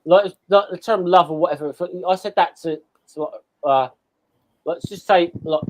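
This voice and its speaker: A man in casual podcast chat, speaking haltingly and searching for his words. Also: high voice, slight background noise. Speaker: podcast co-host.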